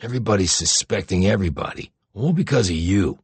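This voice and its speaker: Man narrator putting on a sleazy, furtive cop snitch, rapid and sputtering, on edge, husky, audiobook. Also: lowish voice, animated, dry recording, pitched above the performer's own voice. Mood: panicky. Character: nervous male police snitch, sleazy, furtive.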